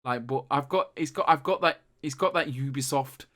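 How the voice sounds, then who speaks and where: Bright-voiced rambling young man. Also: mid-range voice, normal speed. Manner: rambling, full of fillers and restarts. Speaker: podcast co-host. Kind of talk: casual chat.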